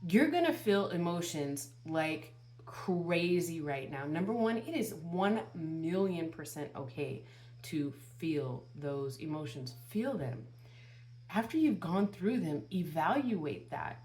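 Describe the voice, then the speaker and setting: Her voice is fairly low, animated and a little mellow, and she speaks slowly. This woman is a tarot reader giving a channeled spiritual guidance monologue, earnestly asking her viewers rhetorical question after rhetorical question and repeating phrases.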